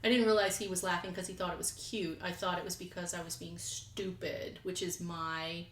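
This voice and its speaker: A woman's voice: lowish voice, normal speed, echoey room, a little hiss or hum. A woman co-hosting a podcast, chatting casually and acting out her own past lines as she tells stories. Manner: chatty storytelling, animated quoting of herself. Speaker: podcast co-host. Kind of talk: casual chat.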